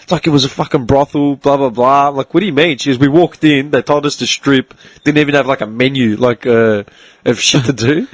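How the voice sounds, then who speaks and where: A man's voice: medium pitch, brisk, no room sound. A man telling rambling travel stories in a casual chat, swearing freely and tagging lines with "man". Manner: rambling storyteller, swears a lot, says man often. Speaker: podcast host.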